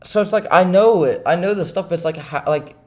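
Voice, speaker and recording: A man's voice: high voice, a little fast, darkish tone. A young man vlogging about day trading, rambling and frustrated, repeating questions as he vents. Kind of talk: casual confessional monologue.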